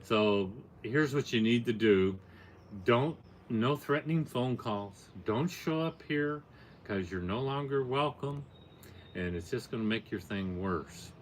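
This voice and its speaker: A man's voice: medium pitch, unhurried, a little hiss or hum. An older man telling a long story in a casual, plainspoken, matter-of-fact way. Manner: plainspoken, matter-of-fact, building to animated peaks. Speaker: podcast guest, storyteller.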